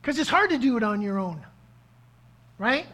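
Preaching to a live congregation, the pastor sounds very animated, with a mid-range, somewhat bright voice at a normal speed. Questions go out to the crowd, and important lines come back again and again.

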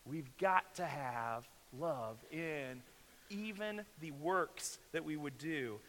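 Bright-voiced preacher in an echoing hall. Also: male voice, on the high side, expressive, slight background noise. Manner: conversational preaching, slows for emphasis, asks the congregation questions. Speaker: pastor. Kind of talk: sermon. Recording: echo from a large hall.

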